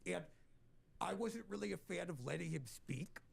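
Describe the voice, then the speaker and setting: A man hosting a podcast in casual chat, teasing his guest in an animated, rambling way. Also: high-pitched, normal speed, vocal fry, breathy edge. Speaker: podcast host.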